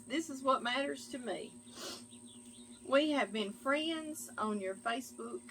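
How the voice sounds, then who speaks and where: Bright, chatty woman. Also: medium pitch, a little hiss or hum. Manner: chatty and affectionate, often calls listeners "girl" and "y'all". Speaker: cooking channel host. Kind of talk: casual chat reading viewer mail.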